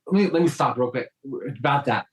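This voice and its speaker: A man's voice: mid-range voice, fast, low-quality recording. Male guest from South Texas, faint Southern accent, casual storyteller who restarts often. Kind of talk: casual interview chat.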